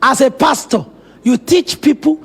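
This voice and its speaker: A man's voice: very high-pitched, measured pace, breathy edge. A man preaching a sermon as pastor, telling Bible stories with dramatic, emphatic asides.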